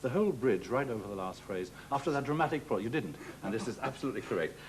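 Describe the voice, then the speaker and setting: A man's voice: mid-range voice, lively intonation, fast talker, a little hiss or hum. A man teaching a clarinet masterclass, giving courteous, precise coaching. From England. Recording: old worn television transfer with music.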